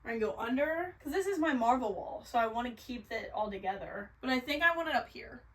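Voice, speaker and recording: A young woman, chatting on a home book vlog in a gushing, excitable way, gasping and squealing. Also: a little high, quick pace, far from the mic. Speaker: book vlogger. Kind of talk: casual vlog chat.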